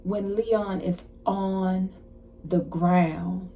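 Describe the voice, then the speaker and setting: A woman card reader giving a casual channeled message, retelling a story in an animated way with slang and asides. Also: mid-range voice, very slow, slight background noise.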